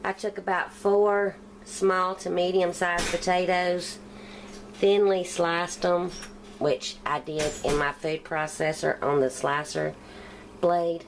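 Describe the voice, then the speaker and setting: A woman's voice: lowish voice, level tone, slow, a little hiss or hum, poor audio. A woman with a Southern country accent hosting a cooking show, chatting casually as she walks through each step. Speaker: cooking channel host.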